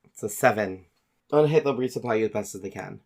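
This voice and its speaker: A man's voice: fairly low pitch, fast talker, darkish tone. A man narrating his character's actions in an actual-play tabletop game, casual and descriptive with frequent fillers. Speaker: player.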